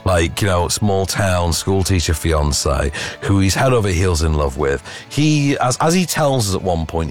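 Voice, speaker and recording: A man chatting casually about films, lively and full of fillers and restarts. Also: deep voice. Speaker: film reviewer. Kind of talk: casual film review chat.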